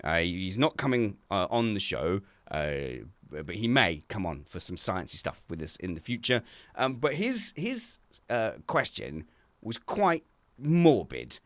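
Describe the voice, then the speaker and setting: A man co-hosting a casual chat from home over a video call, telling animated stories and laughing often. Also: on the low side, unhurried, no room sound. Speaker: podcast co-host.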